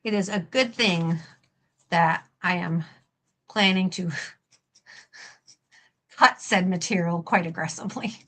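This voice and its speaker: Woman, craft stream host, clear bright tone, casual and self-mocking while working. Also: on the low side, slow, pauses often. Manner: chatty, self-deprecating, talks while working. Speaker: livestream host and prop maker. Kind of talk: casual crafting livestream chat.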